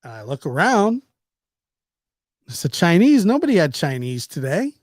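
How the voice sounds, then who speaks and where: Animated man telling a funny story. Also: a little high, moderate pace, no echo, studio quality. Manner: animated, chuckling, acts out voices. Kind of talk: casual anecdote.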